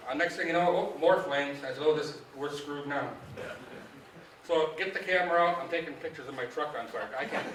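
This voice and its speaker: Middle-aged fishing guide, folksy and animated storyteller, distant mic in a boomy hall. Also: male voice, a little fast, slight background noise. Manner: folksy, animated, acts out quoted dialogue. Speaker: fishing guide giving a club talk. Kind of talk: casual storytelling to a club audience. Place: meeting hall. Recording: echoey room, distant mic.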